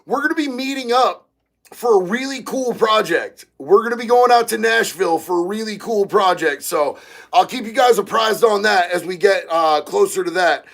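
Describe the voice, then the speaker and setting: High-voiced, gravelly excitable man. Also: normal speed. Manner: excitable, profane, bursts into shouting. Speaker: livestream host reading chat. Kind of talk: casual livestream chat.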